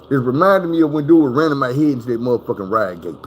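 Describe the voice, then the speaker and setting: A man's voice: medium pitch, animated, quick pace, dull audio, a little hiss or hum. A man telling a personal story at home, casually and profanely, acting out crashes and sounds as he goes. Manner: profane, vivid, acts out sounds. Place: at home indoors.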